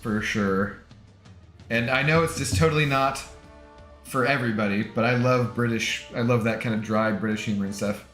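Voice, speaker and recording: A man's voice: mid-range voice, normal speed, fairly bright tone. An American man streaming a game, casually chatting with his audience, laughing often and rambling with self-deprecating asides. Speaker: gaming livestreamer. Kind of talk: casual chat with stream chat while gaming. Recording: echoey room with faint music.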